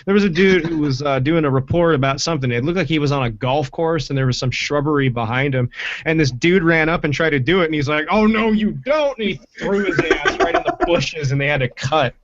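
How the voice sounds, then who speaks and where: A man's voice: fairly high pitch, quick pace. Profane, rambling man on a lo-fi stream. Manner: profane, rambling, animated storyteller. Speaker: livestream host. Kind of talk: casual livestream chat. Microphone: desk mic through a mixer. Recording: dull lo-fi stream mic.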